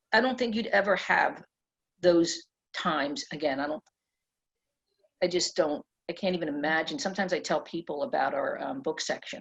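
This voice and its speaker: A middle-aged woman author being interviewed at a press club event, telling stories in an animated way and laughing often. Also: lowish voice, creaky, slightly rough. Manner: animated, laughs often, acts out quoted voices. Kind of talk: conversational storytelling. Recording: dull lo-fi event recording.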